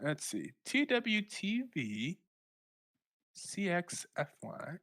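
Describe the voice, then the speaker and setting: A man's voice: high-pitched, very animated, drawn-out words, a bit bright. Chatty male esports caster. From southern United States. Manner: rambling and chatty, with frequent fillers and self-corrections. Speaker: esports shoutcaster. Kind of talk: casual live esports commentary.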